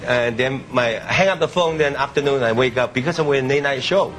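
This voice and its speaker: A man whose first language is Cantonese, telling a casual story, halting and chuckling as he talks. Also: mid-range voice, a bit bright, a little hiss or hum. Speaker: talk show guest. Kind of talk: casual anecdote.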